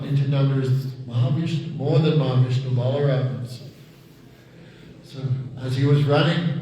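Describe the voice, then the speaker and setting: A man's voice: mid-range voice, darkish tone. A man telling a devotional story in a class, acting out the voices of its characters. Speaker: spiritual teacher. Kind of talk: storytelling sermon. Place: class hall. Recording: echoey room, distant mic, faint noise.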